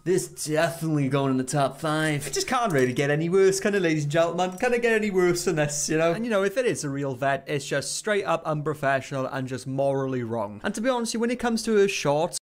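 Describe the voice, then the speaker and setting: A man's voice: on the high side, animated, quick pace, few pauses. A man delivering a sarcastic commentary video, dry and profane. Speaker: YouTube commentator.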